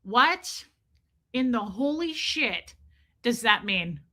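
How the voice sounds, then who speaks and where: A woman hosting a casual livestream, telling a story in an animated, profane ranting way and answering chat comments. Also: a little high, slow pace. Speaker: livestream host.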